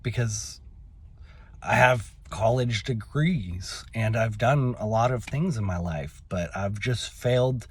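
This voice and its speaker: A young adult man telling a personal story in a halting, emotional way, with many fillers and restarts. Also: lowish voice, slightly rough, dry recording. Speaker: vlogger.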